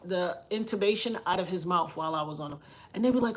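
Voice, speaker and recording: A woman's voice: fairly low pitch, fast talker. Woman vlogging close to her phone, preachy and emphatic, acts out what people said. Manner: emphatic, preachy, shifts into quoted voices. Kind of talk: casual commentary vlog.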